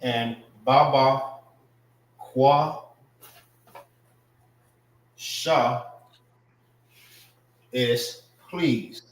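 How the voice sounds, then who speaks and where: Male class teacher, slow and unhurried, roomy echoey sound. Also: mid-range voice, steady tone. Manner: slow, repetitive, checks in with listeners. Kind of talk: casual vocabulary lesson.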